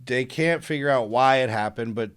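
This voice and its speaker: A man, a podcast guest, telling a personal story in a casual, animated and humorous way. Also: medium pitch, moderate pace, smooth.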